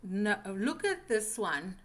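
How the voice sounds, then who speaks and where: A woman teaching a beginner English class, patient and clear, often checking with "right?". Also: medium pitch, very animated, crowd noise. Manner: patient, slow, checks understanding with frequent "right?".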